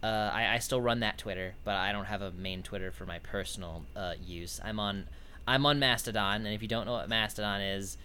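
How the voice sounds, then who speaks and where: A man's voice: fairly low pitch, fairly even intonation, a little fast, bright, forceful tone, slight background noise. A man co-hosting a podcast, chatting casually in a rambling, sardonic way and swearing now and then. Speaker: podcast co-host. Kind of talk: casual chat.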